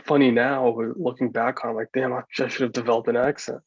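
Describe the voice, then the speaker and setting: A man's voice: mid-range voice, level tone, a little fast, slightly rough, no echo, lo-fi sound. An American man with an East Coast accent, chatting easily as host with dry humor. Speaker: podcast host. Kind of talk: casual chat.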